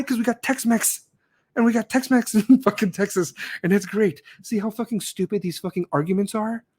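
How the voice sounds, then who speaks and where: A man hosting a podcast, delivering a heated, profane rant that swings between loud outbursts and low mutters. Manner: heated, sweary, shifts between shouting highs and low mutters. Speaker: podcast host.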